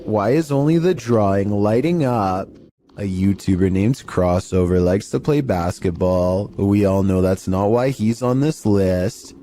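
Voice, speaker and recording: A man reading scripted narration for a compilation of eerie clips, in an even, measured delivery. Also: lowish voice, slight background noise.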